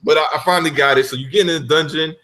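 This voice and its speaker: A man on a gaming podcast telling animated stories in casual talk, with frequent cursing and loud outbursts. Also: on the high side, racing. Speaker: podcast panelist.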